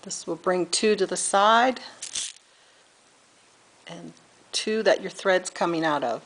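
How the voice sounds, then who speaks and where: A woman's voice: lowish voice, slow pace, fairly bright tone, a little hiss or hum, poor audio. A middle-aged woman giving a patient step-by-step beading tutorial, counting beads aloud and correcting herself as she goes. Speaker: beading instructor.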